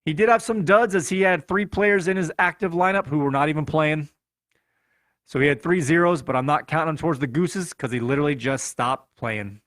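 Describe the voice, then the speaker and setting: A man with a Chicago accent walks through the week's fantasy football results in a playful, running recap. His voice sits a bit high. It is recorded close and dry. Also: brisk, fairly bright tone, no echo. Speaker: podcast host.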